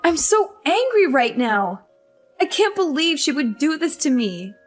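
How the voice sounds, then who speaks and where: A woman's voice: fairly high pitch, expressive, normal speed. An actress playing a frustrated young career wife who complains about her mother-in-law, over faint music. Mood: upset. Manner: upset, complaining.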